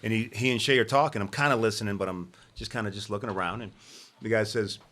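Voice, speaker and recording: Bright-voiced man telling animated stories. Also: fairly low pitch, quick pace. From Omaha, Nebraska. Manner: animated anecdote-telling, acting out other people's lines. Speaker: podcast guest, actor and comedian. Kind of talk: casual storytelling.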